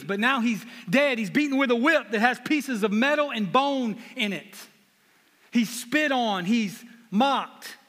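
Guy preaching, high voice, self-deprecating jokes then earnest stories, big reverby hall. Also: sharp tone. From South Carolina. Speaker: guest preacher. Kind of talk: sermon with personal storytelling.

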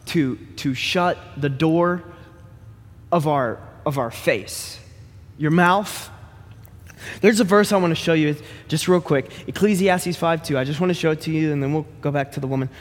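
A man preaching a sermon as pastor, in an animated, joking, conversational way. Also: a little high, long reverb tail.

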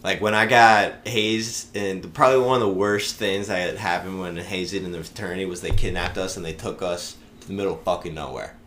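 A man's voice: deep voice, fairly even intonation, a little fast, few pauses, fairly bright tone, a little hiss or hum. A young man in his twenties, a podcast guest, casually telling rambling stories, swearing freely and laughing as he goes. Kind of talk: casual storytelling.

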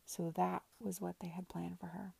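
A woman reading a novel aloud in a soft, half-whispered narration. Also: on the low side, flat delivery, moderate pace, vocal fry, slightly rough, dry recording. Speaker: reader.

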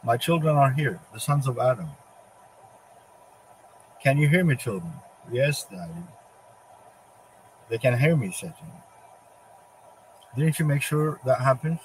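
A man playing a defiant first man who taunts and challenges the devil in a plain, mid-pitched voice. Faint insect noise can be heard behind him. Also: sing-song, measured pace, long pauses, poor audio.

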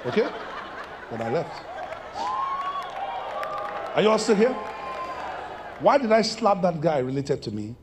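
A male pastor, preaching a sermon and moving between shouted lines and hushed ones. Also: fairly high pitch, big pitch swings, a little slow, long pauses, crowd noise, background noise. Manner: preaching with big swings from shouts to near-whispers.

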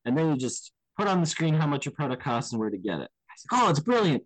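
A man co-hosting a podcast, talking casually about films in an animated way and often checking in with his listener. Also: mid-range voice, fast, a little hiss or hum, poor audio. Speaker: podcast co-host. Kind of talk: casual film discussion.

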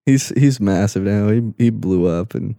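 A man's voice: fairly low pitch, a little slow, creaky, dark tone, no room sound, studio quality. A young man co-hosting a crude, casual podcast chat, laughing often and mocking posts he reads out. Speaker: podcast co-host.

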